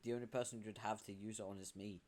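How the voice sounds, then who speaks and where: Low-voiced sarcastic British man. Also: steady tone, darkish tone. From Britain. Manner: dry, sarcastic, quick asides. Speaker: streamer. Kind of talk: casual stream chat.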